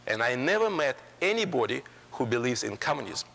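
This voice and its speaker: A man addresses a college audience. His voice is gravelly and rough. His English is halting, full of ums and restarts. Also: medium pitch, big pitch swings, a bit bright, big-room sound. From Soviet Union. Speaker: guest lecturer. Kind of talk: public lecture.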